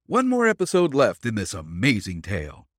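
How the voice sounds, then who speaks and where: A man hosting a podcast, reading a classic story aloud in an expressive, theatrical way. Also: fairly low pitch, normal speed, slightly rough, no room sound, studio quality. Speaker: podcast host and story reader.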